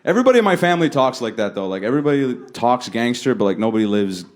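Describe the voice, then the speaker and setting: A man doing a stand-up set on a comedy stage, talking in a laid-back way and jumping high and loud when he acts out other people. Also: big pitch swings, very fast. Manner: laid-back delivery, jumps high and loud for acted quotes. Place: comedy stage before a laughing audience.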